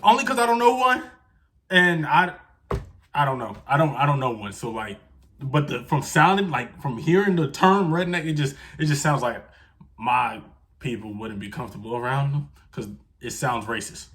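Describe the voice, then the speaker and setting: A man's voice: medium pitch, expressive, moderate pace, a bit bright. A young man hosting a reaction video, talking in a laid-back, chatty way with lots of fillers. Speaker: reaction channel host. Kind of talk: casual reaction commentary.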